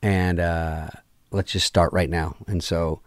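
A middle-aged man with a deep, low voice tells a story as a guest in a casual chat. He swears freely and acts out what each person in it said. His voice is close and dry, with no room around it. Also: slow, dry recording. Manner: profane, animated, acts out quoted lines.

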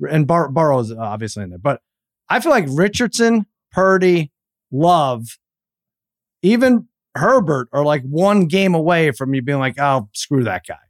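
A man's voice: a little high, expressive, unhurried, no echo, studio quality. A man co-hosting a casual sports chat, rambling and acting out quoted remarks. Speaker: sports podcast co-host.

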